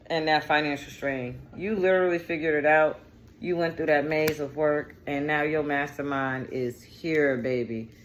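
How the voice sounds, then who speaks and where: Woman w/ doing a tarot reading, chatty, swears a lot, goes off on tangents, bit of noise behind. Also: sits low. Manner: chatty, digressive and profane, with slang. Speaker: tarot reader.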